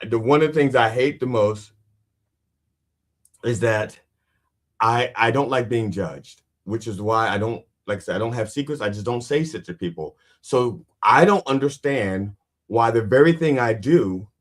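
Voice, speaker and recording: A man's voice: medium pitch, moderate pace. A man hosting a podcast who also performs stand-up, talking in a rambling, self-questioning way and swearing casually. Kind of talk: casual chat. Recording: roomy, distant mic.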